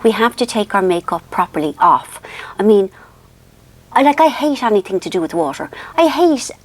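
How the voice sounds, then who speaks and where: An Irish woman in her fifties talks straight to her viewers in a loose, rambling way. She mocks herself with wry humour and fills her pauses with ums. Her pitch sits in the middle of the range. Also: expressive. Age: 50s. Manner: rambling, wry and self-mocking, with frequent ums. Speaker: author and vlogger. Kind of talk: casual storytelling vlog.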